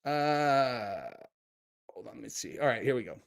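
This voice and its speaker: A man hosting a livestream in casual chat, rambling, excitable and swearing constantly. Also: mid-range voice, normal speed, gravelly. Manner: profane, rambling and excitable, with many restarts. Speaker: livestream host.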